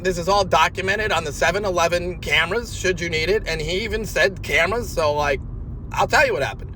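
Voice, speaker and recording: A man delivering a rambling spoken monologue in an agitated way, swinging between shouting and low muttering. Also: slight background noise. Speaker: monologue speaker.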